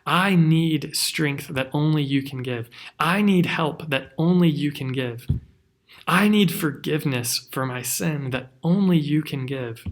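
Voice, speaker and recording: A man's voice: fairly high pitch, a little slow. A man, a pastor, giving an earnest, conversational devotional teaching with rhetorical questions.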